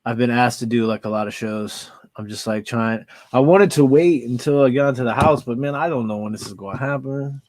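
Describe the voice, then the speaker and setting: A man's voice: mid-range voice, fairly quick, hardly any pauses, darkish tone, dry recording. A man co-hosting a reseller podcast, talking in a laid-back, rambling way that often repeats words. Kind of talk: casual chat.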